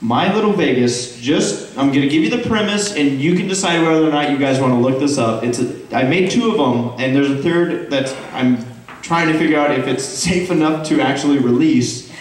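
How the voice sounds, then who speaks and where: A man on a convention panel tells stories in an animated, laughing way, full of quick asides. His voice sits a little high. He is recorded from far off in a very echoey hall. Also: slight background noise. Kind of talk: casual panel storytelling.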